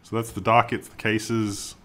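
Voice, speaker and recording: A man with a fairly low voice reads tech headlines aloud, then comments on them. His remarks are dry and wry, in a relaxed conversational way. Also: measured pace. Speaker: news show co-host.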